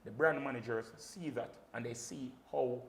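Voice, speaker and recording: A man's voice: medium pitch, moderate pace, gravelly, fairly bright tone, reverberant, slight background noise. A man with a Jamaican accent, a guest on a casual podcast, speaking emphatically and telling stories animatedly in patois. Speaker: guest, sound system selector.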